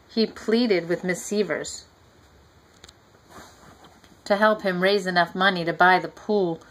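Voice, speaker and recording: A woman reading a picture book aloud to a child, gently talking to the listener as she goes. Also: on the low side, fairly even intonation, slow, pauses often, a little hiss or hum, low-quality recording. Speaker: reader.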